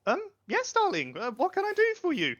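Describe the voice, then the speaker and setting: A man's voice: extremely high pitch, wildly swooping pitch, brisk, fairly bright tone, dull audio, voice pushed up, full character voice. A man voicing a snooty grand lady who hosts an arena, fond and theatrical, calling people darling and dear. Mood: airy.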